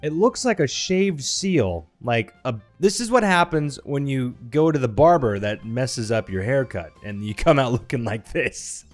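A man's voice: medium pitch, animated, unhurried, few pauses, faint music behind. A man from the United States giving casual commentary on images, laughing often and exclaiming in disgust. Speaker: reaction video creator.

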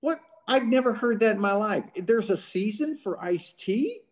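Man quoting a low-key, quietly amused ballplayer; keep it near his own voice. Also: expressive, measured pace.

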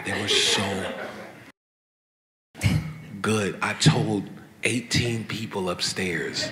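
A man in his thirties talking excitedly on stage at a live event, telling animated stories full of slang and laughter. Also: lowish voice, slow pace, pauses often, very noisy. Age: 30s. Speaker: guest artist. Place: event venue before a live audience.

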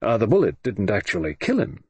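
A man's voice: lowish voice, wildly swooping pitch, fairly quick, breathy edge, dry recording, exaggerated voice. A man voicing a kindly, talkative male doctor in an audiobook reading. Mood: matter-of-fact. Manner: genial, talkative. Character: kindly chatty country doctor. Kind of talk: audiobook character voice.

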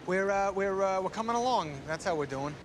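Stammering, evasive male producer; animated pitch, noisy track. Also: fairly quick. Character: harried male ad producer dodging a star.

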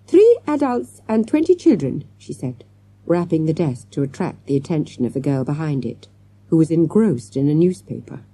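A woman narrating a children's audiobook with lively storytelling and many character voices. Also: low voice, normal speed, slightly rough, no room sound.

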